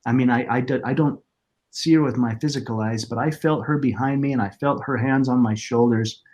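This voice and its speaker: A middle-aged man, a podcast guest, telling his personal story in an earnest, reflective, halting way. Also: medium pitch, steady tone, darkish tone.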